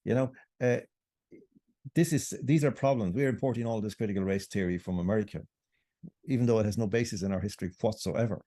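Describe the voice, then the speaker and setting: Deep, husky Irish man, impassioned. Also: fast talker, warm tone, no echo, studio quality. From Ireland. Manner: impassioned, polemical, emphatic. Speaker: podcast guest, writer. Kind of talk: conversational podcast interview.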